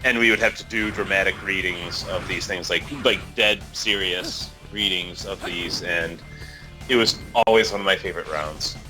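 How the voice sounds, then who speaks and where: A man's voice: low-pitched, normal speed, music in the background. A man chatting casually on a group commentary track, rambling and apologetic. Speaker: commentary participant.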